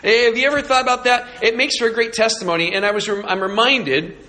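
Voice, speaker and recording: A man's voice: sits high, steady tone, quick pace, sharp tone. A middle-aged man from California, a pastor telling a story in a sermon with a flippant, self-mocking, sarcastic manner. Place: church sanctuary. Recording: echoey hall reverb.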